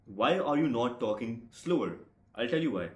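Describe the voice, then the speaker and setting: A man's voice: medium pitch, lively intonation, normal speed, a little mellow, roomy sound. A young man giving blunt, profane speaking advice straight to camera, calling the viewer bro and swearing freely. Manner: brash, profane, says bro a lot. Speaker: speaking coach vlogger.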